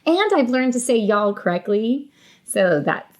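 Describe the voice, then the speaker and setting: A woman's voice: a little high, sing-song, measured pace. Chatty Northern US woman, podcast guest. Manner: chatty, upbeat, laughs often. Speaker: podcast guest, children's ministry coordinator. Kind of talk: casual conversational interview.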